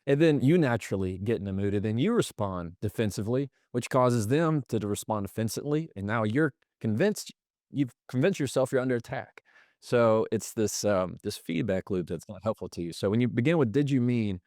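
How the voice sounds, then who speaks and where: A man's voice: lowish voice, animated, a little fast, darkish tone, no room sound, studio quality. A man on a podcast as a guest, explaining communication habits through everyday examples and acting out the lines people say. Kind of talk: conversational explanation.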